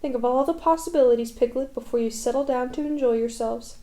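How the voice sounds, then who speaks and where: A woman voicing a gloomy, sarcastic old male donkey who speaks dryly and slowly. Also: high-pitched, dark tone, close to an everyday voice. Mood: sardonic. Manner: dry, slow, sarcastic.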